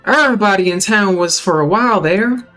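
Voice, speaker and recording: A man doing a pleading young country woman in falsetto. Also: fairly quick, pushed and bright, soft background music. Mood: anxious. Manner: breathless, pleading, high falsetto. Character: young woman, anxious, devoted to her sweetheart.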